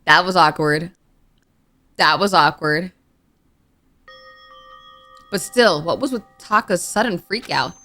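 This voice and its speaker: A young woman gaming streamer chatting and joking to her viewers as she plays, animated and chatty. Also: medium pitch. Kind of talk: let's-play commentary.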